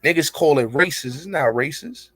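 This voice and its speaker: A man's voice: on the high side, animated, moderate pace, fairly bright tone, husky, dry recording. A man hosting an online show, delivering a rambling, emphatic monologue full of profanity and street slang. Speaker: show host. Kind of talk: casual monologue.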